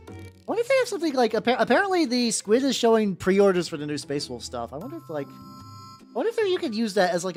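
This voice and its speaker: A streamer from the United States chatting casually while painting miniatures, rambling and swearing often. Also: mid-range voice. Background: faint background music.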